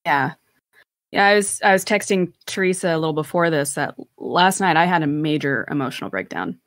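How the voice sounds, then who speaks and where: Woman podcast co-host, lowish pitch, candid and animated, dry close recording. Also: a little fast, dry recording. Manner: candid, animated storytelling with mild swearing. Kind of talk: casual chat.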